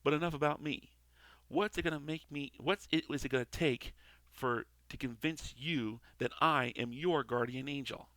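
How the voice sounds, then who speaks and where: A loud, brash fallen angel with a sneering, worn-out manner, as a man puts him on. He jumps between gruff griping and piercing high screams. The voice is bright and forceful, recorded close and dry. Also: moderate pace, dry recording, close to an everyday voice. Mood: sarcastic. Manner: screams in bursts, sarcastic. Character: brash washed-up male guardian angel, shouting comic.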